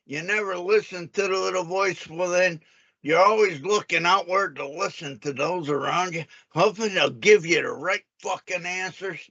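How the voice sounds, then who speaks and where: A man's voice: high voice, moderate pace, pushed and bright, lo-fi sound. Combative man barking "hey, hey" interruptions. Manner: aggressive, swearing, repeated "hey, hey" interruptions. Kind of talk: heated argument.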